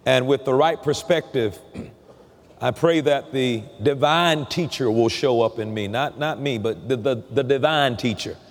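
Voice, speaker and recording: A pastor preaching a sermon, slow and emphatic, leading his listeners in call-and-response. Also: mid-range voice, in a large hall.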